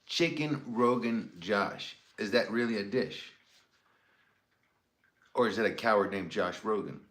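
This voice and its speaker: A man's voice: fairly low pitch, measured pace, fairly bright tone, echoey room. A man livestreaming, telling stories in a casual, rambling way, swearing freely and laughing as he talks. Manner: profane, laughing, rambling banter.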